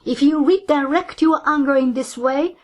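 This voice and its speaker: A woman giving a Buddhist dharma talk, explaining calmly and asking rhetorical questions. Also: high voice, moderate pace. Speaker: Buddhist teacher.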